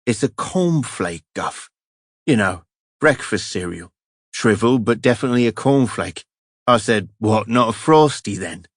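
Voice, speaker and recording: A man voicing a gruff, cheerful police sergeant leaving a breezy, slangy phone message in an audiobook. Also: lowish voice, expressive, a little slow, dry recording, studio quality. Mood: chatty. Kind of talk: audiobook character voice.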